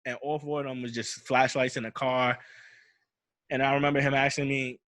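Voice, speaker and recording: A young man, a podcast host, tells a personal story in casual, slangy speech, often repeating "I'm like" and restarting as he goes. His mid-range voice has little pitch movement, a moderate pace, and a fairly bright tone, in a dry recording.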